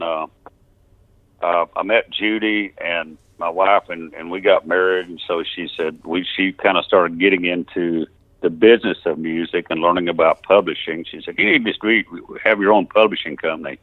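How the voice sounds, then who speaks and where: A man's voice: low-pitched, steady tone, moderate pace, dry recording. An older man from Texas telling rambling stories with chuckles and restarts in a casual interview. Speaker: musician telling his story. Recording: tinny phone-line interview.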